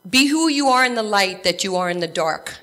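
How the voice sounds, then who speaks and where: A woman in her fifties with a New York accent, giving an animated acceptance speech full of stories and jokes. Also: mid-range voice, a little fast. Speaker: award recipient.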